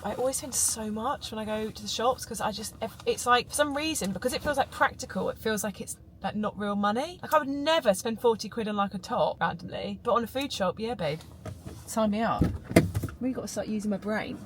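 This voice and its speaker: A woman's voice: on the high side, a little fast, slight background noise. A young woman in her twenties chatting casually in a home vlog, rambling with lots of fillers. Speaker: vlogger.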